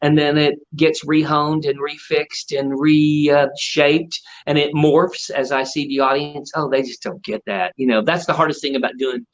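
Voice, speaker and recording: A man's voice: fairly high pitch, normal speed, few pauses. A middle-aged man, a ventriloquist, telling stories in an interview and acting out the voices of the people in them. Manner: animated storyteller acting out quotes. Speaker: ventriloquist guest. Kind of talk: storytelling interview. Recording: muffled lo-fi audio.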